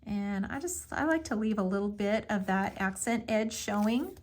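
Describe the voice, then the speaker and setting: A woman's voice: mid-range voice, normal speed. A woman giving a casual step-by-step craft tutorial, explaining each move with friendly fillers. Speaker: craft instructor.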